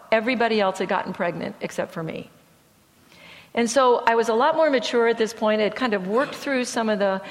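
A middle-aged woman from Michigan, a therapist, giving an animated personal testimony talk at a church event and softening her voice for serious asides. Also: medium pitch. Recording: long hall reverb.

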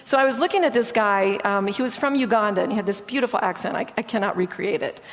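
A woman giving a sermon-style testimony, telling stories in a lively way and acting out what people said. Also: mid-range voice, fast. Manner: lively storytelling, acting out quoted speech. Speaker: speaker sharing testimony. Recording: long hall reverb.

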